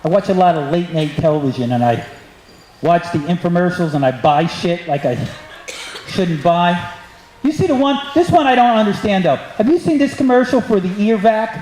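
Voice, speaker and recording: On a comedy club stage before a live audience, a male stand-up comedian with a high, darkish voice and lively intonation does crowd work at a moderate pace, brash and profane as he teases the crowd. The room is echoey, audience laughter is audible, and there's a little hiss or hum.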